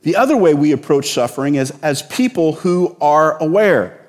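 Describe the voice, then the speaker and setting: A man's voice: on the high side, animated, normal speed, darkish tone, big-room sound. A male pastor preaching a sermon in a conversational, storytelling way with sudden bursts of emphasis.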